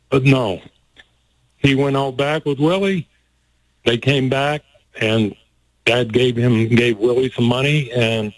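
A man's voice: medium pitch, dry recording, low-quality recording. Older man, folksy, laughing storyteller, dry close recording. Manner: folksy storyteller, laughs often, gets emotional. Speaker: guest telling a life story. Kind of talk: personal storytelling.

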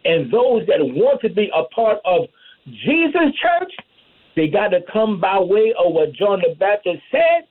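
A man delivers a fervent sermon in a high, husky voice, punctuating his points with amen and hallelujah. The sound is tinny and narrow, like a phone-line radio broadcast. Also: big pitch swings, measured pace. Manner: call-and-response preaching, repeats amen and hallelujah. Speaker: preacher.

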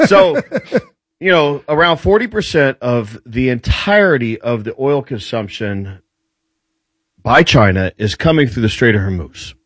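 A man with a mid-pitched voice explains world affairs as a talk show guest, his pitch swinging widely as he lays things out. He often restarts his sentences, and the sound is close and dry. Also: no echo. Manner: animated explainer, quick restarts. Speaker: guest commentator on US military.

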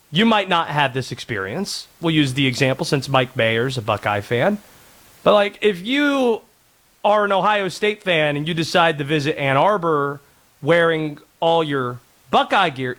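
A sports talk radio host, a man in his thirties, riffs in a casual, sarcastic, rambling way. His voice climbs and drops a lot as he talks, and it sits a little on the high side. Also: a bit bright.

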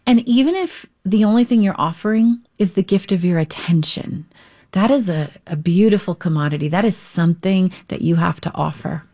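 A woman's voice: on the low side, brisk, dark tone. Earnest woman counselor explaining. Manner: earnest, teacherly, acts out examples. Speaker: counselor and author. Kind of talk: interview guest explaining ideas.

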